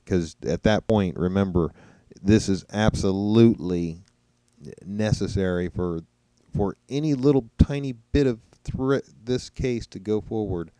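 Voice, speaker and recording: A man talks through his commentary in a loose, conversational way, pausing to muse. His voice is very deep and mellow, smooth and resonant. The recording is close and dry, with no room sound. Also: no room sound. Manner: conversational, musing, mocking imitations. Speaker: commentator reacting to trial footage. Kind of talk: casual commentary over clips.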